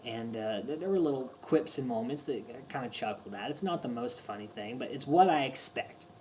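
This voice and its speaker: Excitable man rambling through movie reviews. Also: mid-range voice, a little fast, a little hiss or hum. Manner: excitable, gushing fan with rambling restarts. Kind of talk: casual vlog review.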